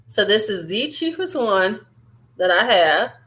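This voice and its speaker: A woman talks through her perfume and lipstick collection in a loose, chatty vlog. Her voice sits at a middle pitch, and she rambles with fillers and side comments. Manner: chatty and animated, drawn-out fillers. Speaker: beauty vlogger. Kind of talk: casual beauty review chat.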